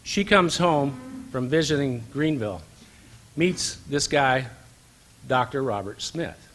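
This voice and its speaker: A man's voice: mid-range voice, animated, slow pace, a bit bright, a little hiss or hum. A man giving a speech at a banquet, telling an anecdote and acting out the dialogue. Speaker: banquet speaker. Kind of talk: storytelling speech. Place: event hall.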